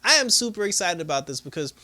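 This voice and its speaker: Man reviewer, casual and excitable, bright forceful voice, rambling retelling full of fillers. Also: high voice, fast talker. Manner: animated retelling with frequent laughter; loose, full of "you know" and "like". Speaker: movie reviewer. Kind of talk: casual spoiler review chat.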